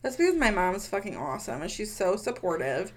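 A woman's voice: medium pitch, big pitch swings, fairly quick. Blunt sniffly young woman podcaster. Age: young adult. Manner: blunt, swears casually. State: sniffly from allergies. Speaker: podcast co-host. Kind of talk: casual chat.

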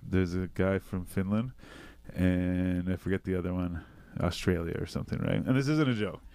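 Laid-back man with a fairly low voice. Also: normal speed, gravelly. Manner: laid-back, swears a lot, animated when telling stories. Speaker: podcast host. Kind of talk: casual chat.

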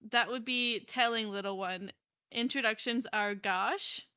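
Teasing creepy cave voice, a woman reading it out, bright and a bit high, slow and sly. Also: smooth. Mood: coy.

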